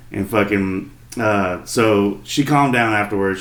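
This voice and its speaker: A man co-hosting a podcast, telling a story in casual chat with plenty of swearing and animated retelling. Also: lowish voice, unhurried, few pauses, reverberant. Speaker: podcast co-host.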